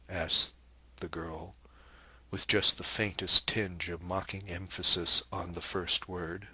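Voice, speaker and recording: Male audiobook narrator, deep husky voice, slow measured reading, dry close mic. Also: bright, forceful tone, dry recording. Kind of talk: scripted narration of a novel.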